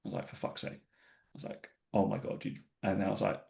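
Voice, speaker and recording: A man's voice: deep voice, completely flat delivery, brisk, creaky, darkish tone. A British man co-hosting a casual fitness podcast, chatty and swearing as he tells anecdotes. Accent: British English. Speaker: podcast co-host, personal trainer.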